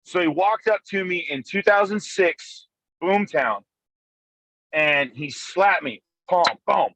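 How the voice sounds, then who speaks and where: A high-voiced man, a guest arm wrestler, tells a rowdy story over a phone call while riding in a moving car. He talks fast, animated and profane, in casual storytelling. The audio is poor, though there's no echo.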